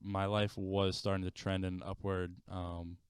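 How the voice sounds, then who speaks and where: A man hosting a casual podcast chat, telling stories in an animated way and swearing freely. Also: deep voice, a little slow, smooth, dry recording, clean studio sound. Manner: animated, profane storytelling. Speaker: podcast host.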